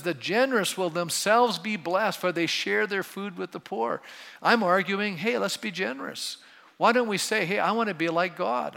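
A man's voice: sits high, creaky, pushed and bright. A male pastor preaching a sermon in a church sanctuary, talking conversationally and often polling the congregation with questions. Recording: long hall reverb.

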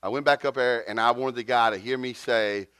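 A man, preaching a sermon and telling a story with lively jumps in pitch. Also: a little fast, clean tone, no echo. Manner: animated, jumps to high pitch for quotes. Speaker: pastor.

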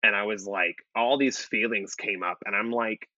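Male podcast guest, bright forceful voice, dry dull lo-fi sound, animated swearing storyteller. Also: on the low side, normal speed, few pauses, no room sound. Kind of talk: casual storytelling chat.

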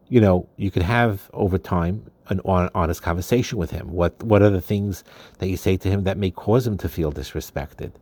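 A man's voice: low-pitched, warm tone, no echo. A man hosting a podcast, giving marriage advice in a casual, hesitant way with many fillers and restarts.

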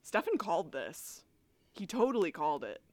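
A woman co-hosting a podcast in a lowish voice, recorded close and dry with no room sound. She recaps a TV episode in loose casual chat, cursing freely and acting out the characters' lines. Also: moderate pace, dry recording. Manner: animated, swears freely, acts out quotes. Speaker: podcast co-host.

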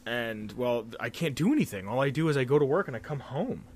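A man's voice: medium pitch, expressive, brisk, a little hiss or hum. A young man co-hosting a podcast, talking bluntly and animatedly, with casual swearing. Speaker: podcast co-host. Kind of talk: casual chat.

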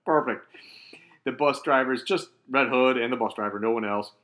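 A man co-hosts a casual comic book chat with a bright, forward tone. He is animated and laughs often. His pitch sits in a middle range. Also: normal speed. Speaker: podcast co-host.

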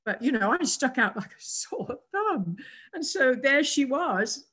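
An English woman in her seventies, appearing as an interview guest, gently reflects on personal stories, often pausing and starting over. Her voice is high and slightly rough, with big swings in pitch.

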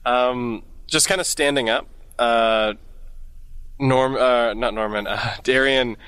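A man's voice: mid-range voice, fairly even intonation, slow, fairly bright tone, clear, resonant tone, no room sound. A man playing a tabletop game, arguing bluntly and pragmatically. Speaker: player. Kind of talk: tabletop role-play.

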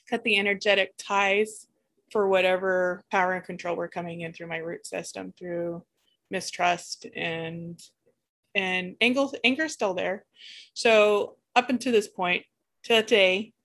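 A woman speaking a personal spiritual reflection, halting and searching with frequent restarts, openly candid about her feelings. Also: medium pitch, a bit bright. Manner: candid, emotionally open. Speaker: spiritual vlogger.

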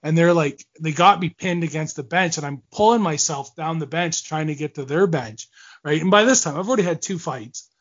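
A man with a fairly high speaking voice tells stories as a podcast guest, acting out what people said and laughing as he goes. The audio is dull and lo-fi. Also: brisk. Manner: animated, acts out quotes, laughs often. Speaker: guest, former hockey player. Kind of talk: storytelling in a casual podcast interview.

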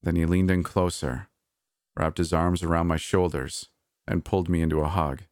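Deep-voiced male narrator, earnest first-person storytelling, dry close sound. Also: flat delivery, moderate pace, a little mellow, dry recording.

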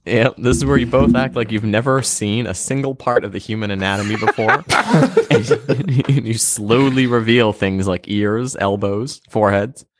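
A man co-hosting a comedy podcast, presenting an absurd idea in a dry, deadpan way. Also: on the low side, moderate pace, noisy background. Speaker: podcast co-host. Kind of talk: deadpan comic pitch.

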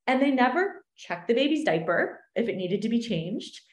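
Woman coach talking it through, lively, does little voices, echoey room. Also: fairly high pitch, normal speed, hardly any pauses. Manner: animated, acts out little voices in examples. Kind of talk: explaining an exercise in a podcast chat. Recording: roomy echo.

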